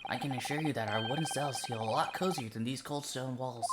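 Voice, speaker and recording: A woman voicing a calm, polite young male lawyer who talks in a subdued, measured way. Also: extremely low pitch, very noisy, pitched below the performer's own voice. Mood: reassuring. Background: game music.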